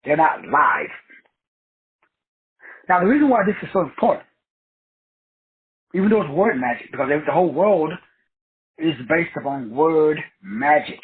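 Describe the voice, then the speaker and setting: A man's voice: fairly high pitch, lively intonation, a little slow, pauses often, slightly rough. A man hosting a talk show, giving a preachy motivational monologue full of wordplay and repeated phrases. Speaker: podcast host. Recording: tinny phone-like line.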